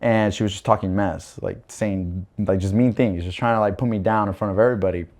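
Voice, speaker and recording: A man's voice: lowish voice, a little fast. A young man, a podcast guest telling a personal story casually, with lots of fillers and acted-out quotes. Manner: animated storytelling, acting out quoted voices, many fillers.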